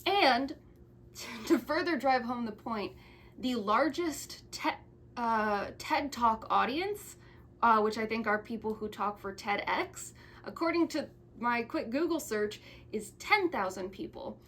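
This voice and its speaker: A woman's voice: on the high side, expressive, takes it slowly, fairly bright tone. A twenty-year-old woman hosting a casual thank-you video, rambling with frequent restarts and stumbles, sentimental in tone. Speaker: YouTuber.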